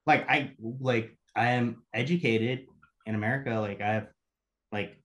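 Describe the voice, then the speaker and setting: A man's voice: mid-range voice, normal speed, a bit bright. A young man from Bangladesh who grew up in the US, talking casually as a podcast guest. His speech is loose and slangy. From Bangladesh, raised in the US. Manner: laid-back slangy talk full of "like" and "bro". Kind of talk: casual conversation.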